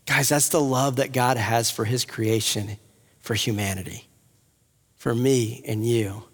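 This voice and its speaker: A man's voice: medium pitch, fairly even intonation, a little slow. A man preaching an earnest sermon as a pastor, rising at times to impassioned appeals. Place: church hall with audience. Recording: long hall reverb.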